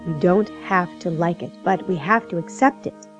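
A woman narrator voicing a calm, earnest seven-year-old boy who soothes his friend. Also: fairly high pitch, normal speed, dull audio, soft background music, voice pushed up, natural voice.

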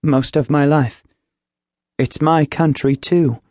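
A man's voice: a little high, steady tone, takes it slowly, a little mellow, no room sound, clean studio sound, voice pushed up. A male audiobook narrator voicing an earnest, insistent middle-aged mother. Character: woman, middle-aged mother, firm and pleading. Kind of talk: audiobook character voice.

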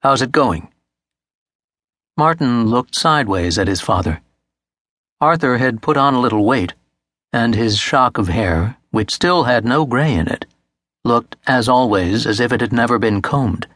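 A male narrator with a mid-range voice reads a literary novel aloud for an audiobook, steady and measured. The recording is dry, made on a close studio mic.

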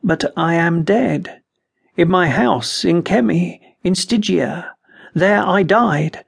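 A man voicing a revived ancient sorcerer, speaking in a slow, eerie whisper. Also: high voice, vocal fry, husky, full character voice. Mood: dazed. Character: revived ancient male sorcerer, dazed and hollow. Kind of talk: audiobook character reading.

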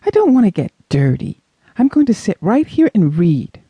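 A man's voice: sits high, sing-song, moderate pace, husky, no room sound, pitched above the performer's own voice, exaggerated voice. A man doing a bossy, snippy young girl. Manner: sharp and dismissive. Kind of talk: audiobook character voice.

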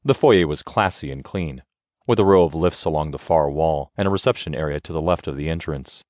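A man reading an audiobook in scripted narration, telling the story in an expressive, measured way on a close studio mic. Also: extremely low pitch, no room sound.

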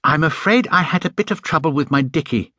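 A man voicing a polite, earnest young bear who is quick to take offence. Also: fairly high pitch, expressive, fairly bright tone, dry recording, studio quality, pitched above the performer's own voice. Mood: explaining. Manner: earnest, well-mannered, indignant.

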